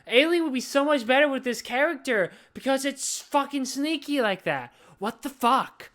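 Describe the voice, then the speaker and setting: A man co-hosting a podcast while drunk, rambling loudly and swearing in casual chat. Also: very high voice, expressive, moderate pace. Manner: rambling, loud, profane. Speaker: podcast co-host. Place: at home, on the floor.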